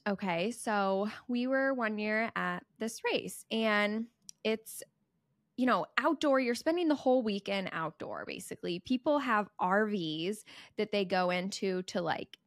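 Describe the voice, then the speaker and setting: A woman in her twenties co-hosting a podcast, telling a story in a lively, laughing way. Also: medium pitch, no room sound, studio quality. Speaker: podcast co-host. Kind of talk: casual chat.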